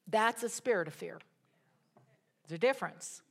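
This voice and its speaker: A woman preaching a sermon, retelling a scripture story with animated emphasis and pauses. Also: mid-range voice.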